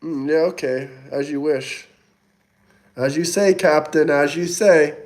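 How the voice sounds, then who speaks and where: This young livestream host takes it slowly as he reads chat aloud and replies to viewers one by one. His voice is fairly high, and he's mocking and taunting, with plenty of profanity.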